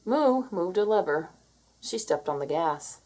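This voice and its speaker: A woman narrating a children's storybook read-aloud in an expressive, slow and clear manner. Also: fairly low pitch. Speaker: storybook reader.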